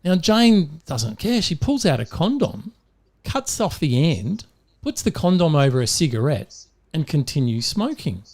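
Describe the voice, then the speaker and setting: An Australian man co-hosting a podcast, telling jokes in a relaxed chatty way and breaking into laughter as he goes. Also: fairly high pitch, a little slow. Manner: animated storyteller who laughs mid-joke. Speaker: podcast co-host. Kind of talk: casual joke-telling chat.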